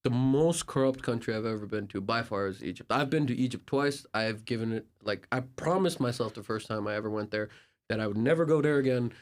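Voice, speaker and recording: An American man, a podcast guest, telling travel stories in a casual, animated way, laughing and acting out the people he quotes. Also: mid-range voice, fairly quick. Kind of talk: casual storytelling.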